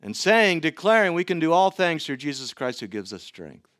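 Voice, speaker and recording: A middle-aged man preaching a sermon to his church, earnest and given to halting restarts. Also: a little high, sing-song, a bit bright, no room sound, studio quality. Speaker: pastor.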